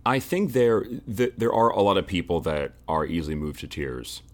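A man co-hosting a podcast, talking things over in a measured, reflective way with some restarts. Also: deep voice, lively intonation. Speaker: podcast co-host. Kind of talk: casual chat.

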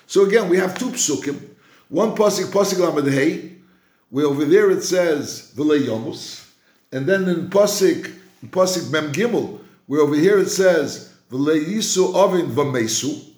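A male rabbi teaching a Torah class, slowly chanting quoted verses and then reasoning through them with many restarts. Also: on the high side, animated, a little mellow. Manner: frequent restarts and repeated words while reasoning. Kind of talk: Talmudic-style lecture. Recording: roomy echo.

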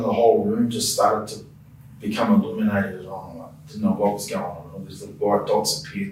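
A man's voice: lowish voice, slight background noise. A man earnestly telling his personal faith testimony as an interview guest, heartfelt and conversational. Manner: earnest, heartfelt storytelling with restarts. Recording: roomy echo, distant mic.

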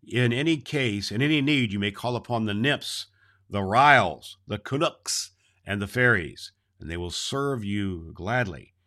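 Man reading a stern old woodsman with authority, low proclaiming voice, storybook. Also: lively intonation, measured pace, pushed and bright. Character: stern ancient male master woodsman, commanding.

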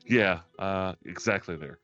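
A man running a tabletop game as game master, narrating in a relaxed, chatty way. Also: low-pitched, unhurried. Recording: dull lo-fi stream audio, faint music.

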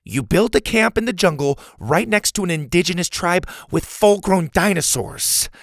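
A stern older camp leader, voiced by a man, his voice pitched well above the narrator's own and still gravelly. He speaks in an earnest, pleading way in a dry, close storybook reading. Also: expressive, moderate pace, no room sound. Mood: reassuring.

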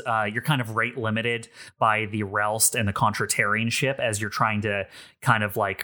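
A man narrating as game master of a tabletop mech game, pausing often with ums and uhs. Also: mid-range voice, bright, forceful tone. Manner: halting, filler-heavy narration.

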